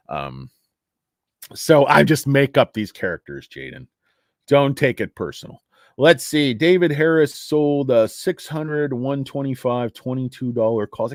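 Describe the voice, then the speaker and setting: A man's voice: on the low side, dry recording, studio quality. A man hosting a casual stock livestream, rambling, joking and swearing as he reads viewer comments aloud.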